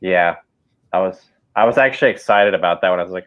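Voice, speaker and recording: Low-voiced laid-back man, lo-fi call. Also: quick pace, clean tone. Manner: rambling, laid-back, lots of fillers. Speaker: watchalong participant. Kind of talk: casual group chat over a movie. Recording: lo-fi online call audio.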